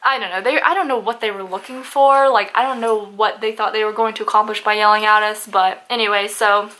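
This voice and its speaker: A nineteen-year-old woman vlogging a casual storytime, chatty and animated, swearing freely and filling with "like" and "um". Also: mid-range voice, a little fast. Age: young adult.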